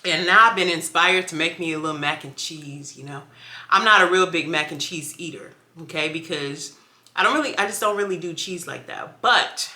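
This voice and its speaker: A woman's voice: lowish voice, sharp tone. Chatty woman cooking in an echoey kitchen. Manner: chatty and joking, talks straight to viewers as y'all. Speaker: home cook vlogger. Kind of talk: casual cooking vlog. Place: home kitchen.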